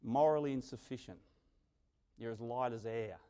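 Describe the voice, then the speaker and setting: A man preaching a sermon, telling stories with dramatic swings from loud to quiet. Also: medium pitch, moderate pace, clean tone. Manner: animated storytelling, dramatic swings in loudness.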